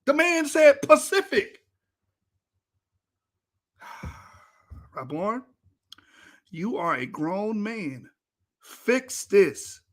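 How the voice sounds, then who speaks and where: Animated high-voiced exasperated man. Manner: exasperated, animated ranting with laughs and profanity. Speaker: debate reviewer. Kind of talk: reaction commentary over a played debate.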